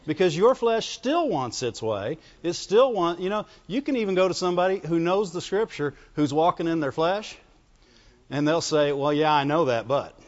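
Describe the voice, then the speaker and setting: A man's voice: high-pitched, lively intonation, moderate pace. A man preaching a folksy sermon in church, calling out to the congregation for amens as he goes. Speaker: pastor. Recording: dull lo-fi recording with long reverb.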